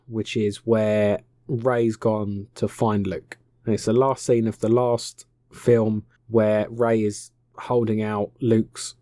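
A man's voice: on the low side, dark tone, no echo, studio quality. Sarcastic, swearing man recapping a film. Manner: sarcastic, swears freely, voices characters mockingly. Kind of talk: casual profane film recap.

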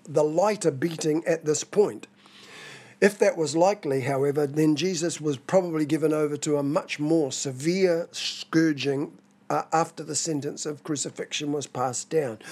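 Man, sermon, measured explaining, breathy tone. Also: on the high side, a little mellow. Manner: measured, expository, dramatizes quoted scripture. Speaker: preacher.

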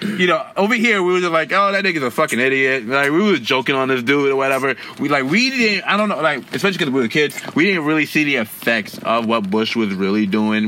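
A man from Haiti hosting a podcast, telling stories in a profane, animated casual chat. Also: mid-range voice, slight background noise. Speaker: podcast host.

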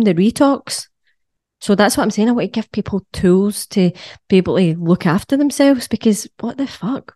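A young woman talks through health topics in a loose, sweary, joking way, breaking into little sung bits and comic voices. Her voice sits low and mellow for a woman, and the sound is dry and close. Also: dry recording. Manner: sweary, jokey, animated with sung asides. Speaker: podcast host, wellness coach. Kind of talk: casual solo podcast talk.

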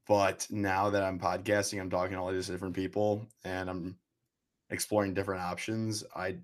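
Podcast host, young man, 20s, lowish voice, relaxed casual delivery. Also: moderate pace. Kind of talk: podcast conversation.

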